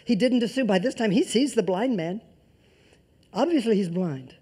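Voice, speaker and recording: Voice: medium pitch, lively intonation, moderate pace, husky. Preacher repeating phrases for emphasis. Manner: emphatic repetition of key phrases; swings between loud emphasis and soft near-whispers. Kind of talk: sermon.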